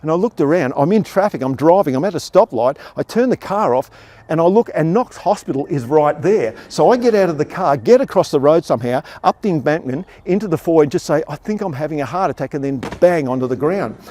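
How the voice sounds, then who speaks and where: A man's voice: fairly high pitch, lively intonation, fairly quick, dark tone, dry recording. An older man with an Australian accent telling his own life story on stage with wry, self-deprecating humour. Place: theatre stage before an audience.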